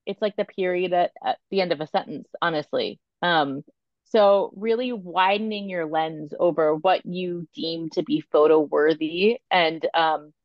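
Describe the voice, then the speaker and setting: A woman in her thirties, a photographer and coach, talking candidly in an interview, animated and full of filler words. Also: on the low side, measured pace, no echo, highs cut off. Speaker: podcast guest, photographer and coach.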